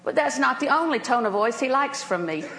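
Older woman preacher, fairly high voice, lively and chatty delivery, echoey hall sound. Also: fairly quick, a little hiss or hum. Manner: lively, laughing, storytelling preacher. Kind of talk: sermon.

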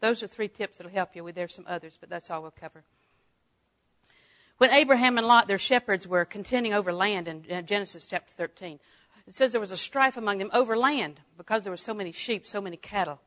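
An older woman teaching a Bible lesson in a folksy way, dropping to a hush and rising to exclaim. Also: mid-range voice, fairly quick. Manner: folksy, swings from hushed to exclaiming.

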